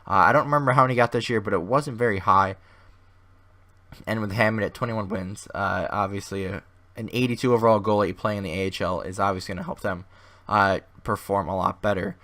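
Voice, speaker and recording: A man with a hoarse, fading voice giving casual, rambling commentary over a video game as host of his gaming channel. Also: fairly low pitch, steady tone, brisk, sharp tone. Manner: rambling, thinks aloud with many restarts.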